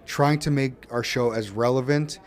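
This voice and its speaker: Earnest man in his thirties, podcast co-host, storytelling with lively quoted voices; mid-pitched. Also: moderate pace. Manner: earnest, storytelling, animated when quoting others. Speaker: podcast co-host and show producer. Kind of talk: casual faith conversation.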